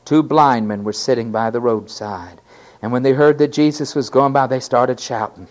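A male preacher in full flight, his voice climbing to fervent cries and then dropping almost to a whisper. He hammers his points home by repeating them, and his pitch sits in a plain middle range. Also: moderate pace. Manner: dramatic swings from shouting to hushed near-whisper; emphatic, repeating phrases. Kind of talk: sermon.

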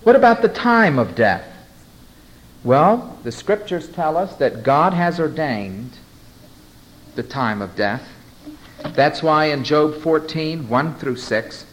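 A man preaching a sermon and reading scripture aloud, moving between loud emphasis and hushed tones. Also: fairly high pitch, slight background noise, rough recording. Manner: reads scripture aloud and asks the congregation to turn to a passage. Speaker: pastor.

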